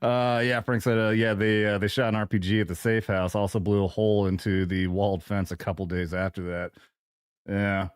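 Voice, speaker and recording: A man, a veteran co-hosting a podcast, talking in casual profane chat with frequent halting restarts. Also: on the low side, flat delivery, clean tone, no echo, studio quality. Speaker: co-host, veteran.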